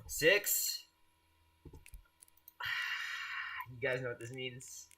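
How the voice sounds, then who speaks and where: A young man live-streams a game, chatting casually and teasing his viewers in a playful way, often restarting his sentences and laughing at chat. His voice is medium-pitched with a sharp tone, and he speaks very slowly.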